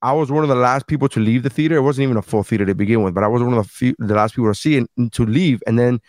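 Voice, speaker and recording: A man's voice: medium pitch, very fast, a little mellow, no echo, clean studio sound. A man hosting a casual chat show, talking in a rambling, profane and self-deprecating way. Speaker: podcast host.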